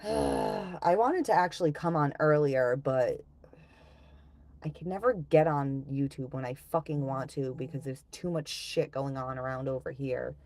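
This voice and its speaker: A woman's voice: extremely low pitch, animated, measured pace, darkish tone, dry recording. A middle-aged woman chatting casually on a live stream, ranting, sighing and swearing as she talks.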